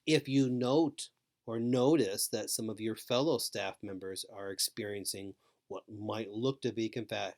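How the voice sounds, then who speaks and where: A man giving a scripted training lecture to caregivers, speaking slowly with calm, repetitive emphasis. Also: on the low side. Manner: slow, repetitive, soothing emphasis.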